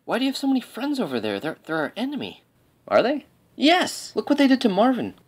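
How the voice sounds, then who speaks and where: An actor playing a bewildered young soldier who keeps getting exasperated in a comedy sketch. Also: male voice, wildly swooping pitch, fairly quick, husky, exaggerated voice. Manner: exasperated, incredulous, voice climbing high.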